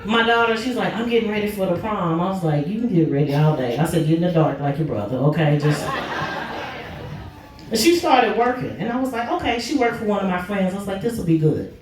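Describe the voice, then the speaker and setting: A stand-up comedian from Oklahoma, telling animated stories about her kids. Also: fairly quick, noisy background. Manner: animated, jumps high in pitch for punchlines. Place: comedy club stage. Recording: echoey club from a distance.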